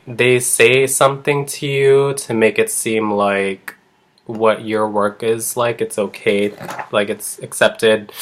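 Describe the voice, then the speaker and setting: A man's voice: fairly low pitch, a bit bright. A man, an eyebrow artist, chatting casually in a vlog, rambling and filling his talk with "like". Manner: rambling, heavy use of "like".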